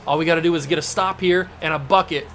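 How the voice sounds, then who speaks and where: A young man hosting a gaming channel, commenting casually on his basketball video game and breaking into excited play-by-play shouts at big plays. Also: a little high, fast talker.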